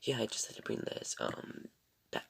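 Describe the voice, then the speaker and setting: A man's voice: normal speed, a bit bright, close to an everyday voice. A man voicing a nervous, flustered young hero who stumbles over his words.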